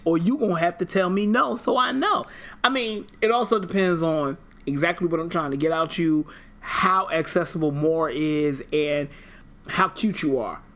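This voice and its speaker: A man's voice: sits high, a bit bright. A man co-hosting a podcast, chatting casually and profanely, laughing often. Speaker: podcast co-host. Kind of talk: casual chat.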